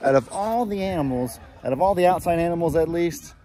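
A man's voice: on the high side, animated, fairly quick, warm tone. A man hosting a casual farm vlog, rambling and chatting with viewers in an easygoing way. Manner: easygoing, rambling, Southern-style "y'all". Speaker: farm vlogger host. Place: outdoors on a farm among animals.

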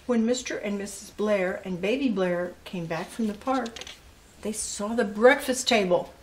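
A grandmother reads aloud from picture books, animated and stopping for little asides to the grandchildren. She speaks at medium pitch and moderate pace, with a little hiss or hum on the recording.

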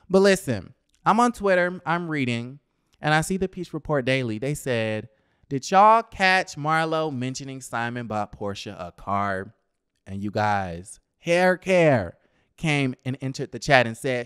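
Sassy chatty man, smooth voice. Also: on the high side, animated, unhurried, a bit bright, no room sound, clean studio sound. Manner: sassy, chatty, talks straight to viewers. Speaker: reality TV commentator. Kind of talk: casual gossip commentary.

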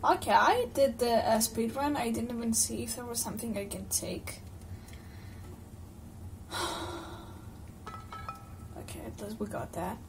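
A woman's voice: fairly high pitch, a little slow, long pauses, recorded from a distance, a little hiss or hum. A young woman commenting on a horror game she plays, jumpy and frightened, with sudden exclamations and swearing. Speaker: gameplay streamer.

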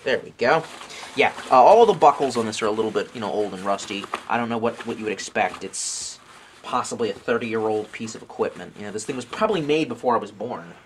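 A man's voice: on the low side, animated, fast talker, slight background noise. Rambling, joking man in his late twenties. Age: late 20s. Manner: joking, rambling, swears casually. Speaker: gear reviewer. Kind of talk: casual gear review vlog.

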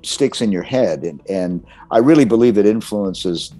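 An older man speaks as a guest in a relaxed interview. His voice sits very low, and he reflects aloud with easy chuckles and restarts. Faint music plays underneath. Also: moderate pace. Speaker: guest voice actor. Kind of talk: casual interview chat.

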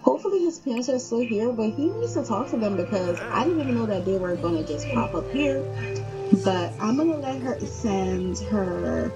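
A woman giving casual let's-play commentary, chatty and excitable, talking straight to her viewers. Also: fairly high pitch, normal speed, highs cut off, over music. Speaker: game streamer.

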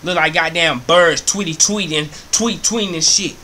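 A young man spins a comic rant about his grandmother's house, swearing constantly and repeating himself for effect. His voice is fairly high and bright, with a forceful edge. His delivery is animated and heavy on profanity. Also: normal speed, a little hiss or hum. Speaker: comedy vlogger.

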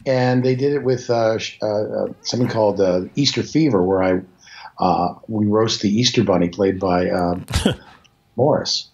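A man's voice: lowish voice, normal speed, a little mellow. Rambling Canadian man in his sixties. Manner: rambling, self-deprecating storyteller. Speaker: voice actor guest. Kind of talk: casual interview chat. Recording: slightly dull lo-fi audio.

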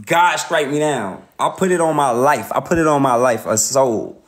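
Animated, cussing man on a livestream. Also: medium pitch, normal speed. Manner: profane, animated, laughing often. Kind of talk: casual livestream rant.

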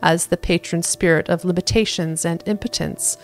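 A woman with a lower-than-usual voice reads a fantasy story aloud in an even, storytelling way. Faint music sits quietly behind her narration. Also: normal speed. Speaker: audiobook reader. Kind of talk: scripted narration of a fantasy book.

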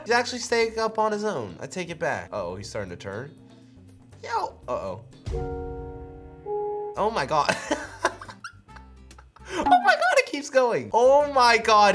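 A young man commenting on viral clips, his voice leaping up and down as he shouts and curses in amazement. Music from the videos plays clearly behind him. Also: high-pitched. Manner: loud exclamations, swearing, bursts of laughter. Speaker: YouTuber reacting to viral videos. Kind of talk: excited reaction commentary.

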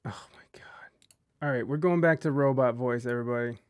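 A man's voice: medium pitch, a little fast, clean tone, no room sound, clean studio sound. A man hosting a podcast, chatting casually, joking and getting flustered while fixing a technical problem. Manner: joking, flustered, self-deprecating. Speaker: podcast host. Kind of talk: casual chat.

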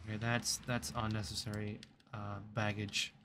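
A man's voice: on the low side, level tone, normal speed, bright, forceful tone, slight background noise. A man giving chatty, self-mocking commentary while playing a game at his computer desk. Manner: chatty and self-mocking, talks to the game's creatures. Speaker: streamer and gaming video creator. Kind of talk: live gameplay commentary.

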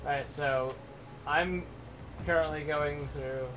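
A man's voice: a little high, steady tone, takes it slowly, distant mic, music in the background, low-quality recording. A man in a casual gaming chat, talking bluntly and crudely in a sarcastic way. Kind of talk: casual chat over gameplay. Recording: loud background noise.

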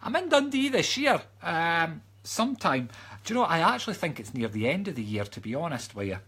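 A man's voice: on the high side, lively intonation, a little fast, pushed and bright, breathy edge. A Scottish man working as a psychic medium, giving chatty live-stream readings from home and calling viewers sweetheart.

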